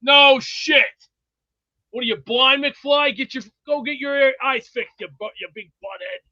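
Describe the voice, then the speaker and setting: A man trash-talking in brash banter, blustering and insulting, with sudden bursts into shouting. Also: extremely high pitch, moderate pace, no echo, lo-fi sound. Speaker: show regular.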